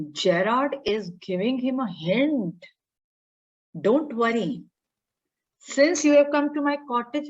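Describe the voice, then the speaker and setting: A woman, teaching a class online, repeating her points and checking in with students. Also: on the high side. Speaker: English teacher. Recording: dull lo-fi audio.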